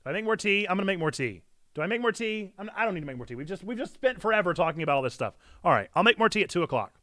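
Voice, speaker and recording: Lively, excitable streamer man. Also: high-pitched, racing, no room sound, studio quality. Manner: excitable, bursts into loud cheering. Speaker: pastor streaming a video game. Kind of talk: live-streamed gameplay commentary.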